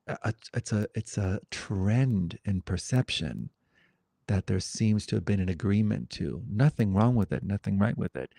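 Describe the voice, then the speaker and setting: A man leading a satsang, speaking in a reflective, gentle way with wandering pauses. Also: low-pitched, vocal fry, no echo, studio quality. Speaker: satsang teacher. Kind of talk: spiritual dialogue.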